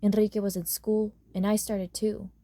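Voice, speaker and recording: A woman narrating a novel chapter aloud, giving the quoted characters lively voices. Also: medium pitch, moderate pace, no room sound. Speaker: audiobook reader. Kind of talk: storybook narration.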